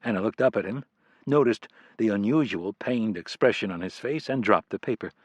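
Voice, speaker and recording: A male audiobook narrator reads in a low, measured voice and slows down on key details. The recording is dry and close-miked, with no room sound at all. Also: lively intonation, breathy edge, no echo. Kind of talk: scripted narration.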